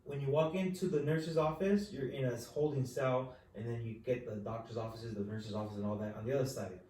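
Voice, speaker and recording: Casual male storyteller, mellow tone, profane and laid-back, caught from a distance on the mic. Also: mid-range voice, brisk. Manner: relaxed, profane, says "dude" constantly. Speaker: podcast host telling a story. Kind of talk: casual chat. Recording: echoey room, distant mic, faint noise.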